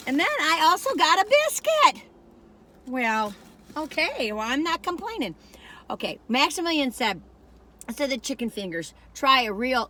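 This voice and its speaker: A woman's voice: high voice, pushed and bright. A woman in her sixties rambles chattily through a food review, talking straight to her viewers from inside a parked car on a phone camera. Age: 60s.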